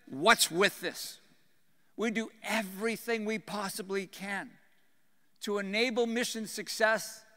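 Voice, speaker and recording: Man in his 60s, conference speech, earnest storyteller, bright, smooth voice. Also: high voice. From Canada. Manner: earnest, storytelling, drops to a hushed tone for losses. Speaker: retired general giving a conference talk. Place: conference hall. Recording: hall reverb from a conference room.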